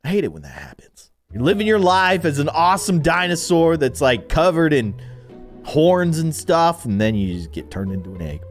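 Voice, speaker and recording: A young man giving playful let's-play commentary on a video game, swinging from loud excited outbursts to mumbled asides. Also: a little high, normal speed, soft background music. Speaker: gaming YouTuber.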